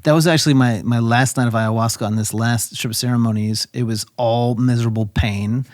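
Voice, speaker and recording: A man's voice: medium pitch, fairly quick, dry recording, clean studio sound. A middle-aged man talking candidly as a podcast guest, telling personal stories and swearing casually. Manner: candid, animated storyteller who swears casually. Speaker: podcast guest, tech company founder. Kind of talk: casual conversation.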